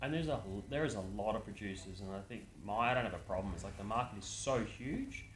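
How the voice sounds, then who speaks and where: A man's voice: on the low side, animated, fast, a bit bright. A man, a distiller and guest, talking bluntly and outspokenly in casual chat. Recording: echoey room with faint noise.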